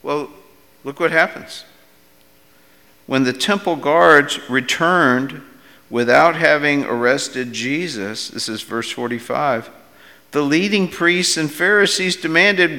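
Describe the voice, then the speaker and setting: Slow-preaching man in a reverberant hall. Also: fairly high pitch. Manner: conversational preaching, rising to loud acted quotes. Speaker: pastor. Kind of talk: sermon.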